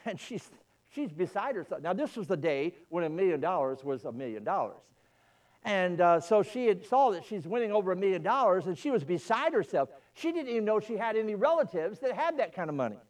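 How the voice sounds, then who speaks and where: A man's voice: sits high, sing-song, a little fast, a little mellow, recorded from a distance. A man pastor preaching a sermon in a church, telling a story in a fervent style.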